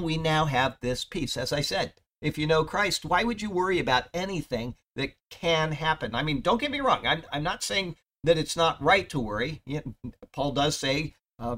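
A man's voice: a little high, expressive, normal speed, fairly bright tone. A man preaching a conversational Bible study sermon, reading scripture aloud with emphatic rises and joking with his listeners between verses. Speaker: pastor.

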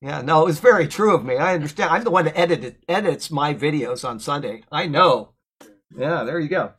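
Husky, earnest Bible teacher man. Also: on the high side, expressive, a little fast, a bit bright. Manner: earnest and emphatic, reading a commentary aloud with plain asides. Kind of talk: verse-by-verse Bible commentary.

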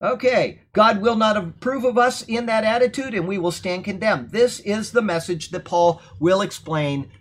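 A man's voice: high-pitched, fairly bright tone. A man teaching a Bible class in sermon style, conversational and often checking in with his listeners. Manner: conversational, often asks "okay?"; swells to emphatic, indignant passages. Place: church room during a thunderstorm.

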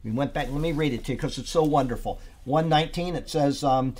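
A man's voice: on the high side, fairly quick, few pauses. Rambling man teaching a Bible study. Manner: rambling, reads aloud with rising emphasis on key words; searches for words with many fillers. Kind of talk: podcast Bible study talk.

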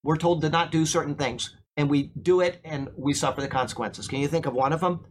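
In a loose, story-driven sermon, the pastor quizzes his congregation and repeats words whenever he gets worked up. He talks briskly in a voice on the high side, over a faint hiss or hum.

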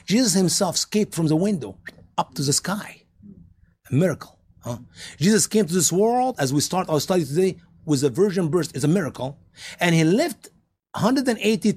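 Animated male preacher with a lively, high voice. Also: a little fast, slightly rough. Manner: animated storytelling, acts out scenes, rhetorical questions. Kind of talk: sermon.

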